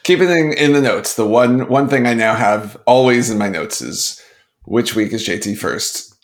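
A man co-hosting a casual movie podcast, speaking in a relaxed and unhurried way. He hesitates often and fills pauses with uhs and likes as he thinks aloud. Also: medium pitch. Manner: laid-back, hesitant, many fillers. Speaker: podcast co-host.

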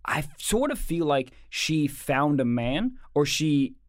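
A young man in casual podcast chat, excitedly telling a story and peppering it with "dude" and "like". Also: a little high, slow pace, no room sound, studio quality. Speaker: podcast co-host.

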